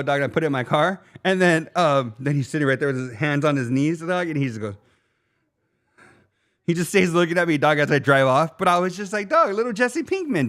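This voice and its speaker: Man, podcast co-host, casual storytelling, slangy, animated, slightly high voice. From Arizona. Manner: animated, slangy, says "dog" constantly.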